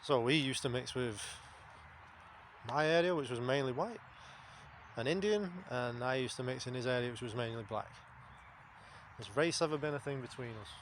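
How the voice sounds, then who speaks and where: Speaking to camera at a moderate pace, a man from England gives a casual, blunt monologue that rambles and is full of swearing. He's a vlogger with a medium-pitched voice, and a little background noise can be heard.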